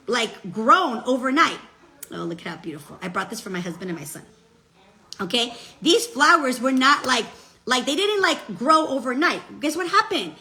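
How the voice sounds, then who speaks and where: Middle-aged woman, direct-to-camera motivational speaker; bright, fairly high voice; chatty and emphatic, switches into Spanish. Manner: chatty, emphatic, peppers speech with "okay?" and "guess what"; switches into Spanish phrases mid-sentence. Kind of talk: casual motivational talk.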